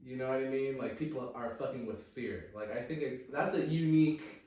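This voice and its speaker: A man's voice: mid-range voice, a little fast, warm tone. A man hosting a casual podcast, rambling and joking crudely with his sister. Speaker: podcast host. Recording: very echoey room, mic at a distance.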